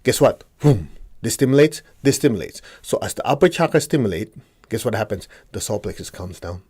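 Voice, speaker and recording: A man's voice: fairly low pitch, animated, a little fast, darkish tone, breathy edge. A man teaching a meditation group, explaining ideas step by step, asking the audience questions and acting out inner dialogue. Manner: explanatory, asks the audience questions and answers them; acts out inner dialogue in quotes. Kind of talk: spiritual teaching talk to a group.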